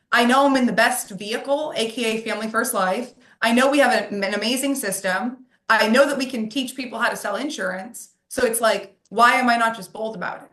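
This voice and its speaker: Woman on a work call, kinda high voice, echoey room, lots of likes and ums. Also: sharp tone. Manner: conversational, many fillers, repeats words. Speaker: insurance agent co-host. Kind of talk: casual call discussion.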